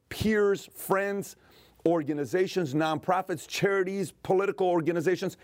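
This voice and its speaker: A middle-aged man giving an earnest motivational talk, telling a family story and often slowing down to a soft, emotional tone. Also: a little high, no room sound. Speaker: motivational speaker.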